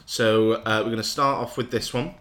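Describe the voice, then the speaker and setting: A man's voice: fairly low pitch, fairly even intonation, moderate pace, fairly bright tone. A man hosting a casual podcast, reading out social media replies and laughing often. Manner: jokey, reads replies aloud with frequent laughs. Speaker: podcast host running a game.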